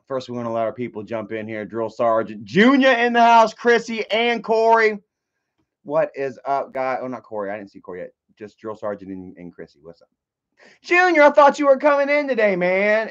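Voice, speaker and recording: Laid-back swearing livestream host, lo-fi. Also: male voice, a little high. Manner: rambling, profane, laid-back. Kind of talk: casual livestream chat. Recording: dull lo-fi stream audio.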